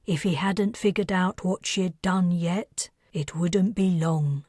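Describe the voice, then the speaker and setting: A woman narrating her own science fiction audiobook, reading tensely, building to near-shouts in the panicked passages and dropping to hushed whispers in the quiet ones. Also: on the low side, a little slow, dry recording, studio quality.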